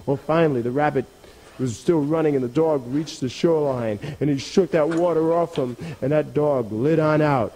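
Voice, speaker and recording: A man telling a folk tale in a rhythmic, repetitive, expressive storytelling style. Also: on the high side, moderate pace.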